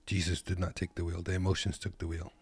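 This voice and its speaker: Husky, deep, and monotone, a Kazakh trucker talks fast through laid-back reaction commentary from his desk. He jokes around and addresses viewers as "boys."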